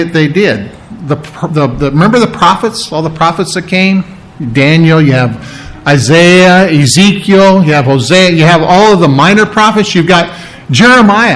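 A pastor with a high-pitched, slightly bright voice preaches a sermon in a conversational, teaching style, checking in with listeners and frequently restarting phrases. The recording quality is low.

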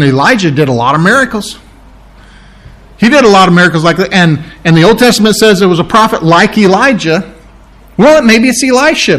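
Man, pastor, conversational sermon, slightly high voice, self-correcting. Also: fairly bright tone.

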